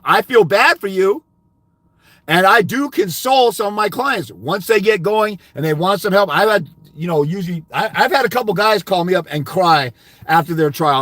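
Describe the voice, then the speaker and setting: A man's voice: high voice, fairly bright tone, no room sound. An older man, a fathers' rights consultant, delivering a blunt, profane monologue that berates his viewers.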